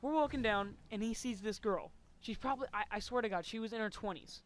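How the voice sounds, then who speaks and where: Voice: mid-range voice, fast, slight background noise. Rambling casual storyteller. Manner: rambling, many fillers, swears casually. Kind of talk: casual story time over gameplay.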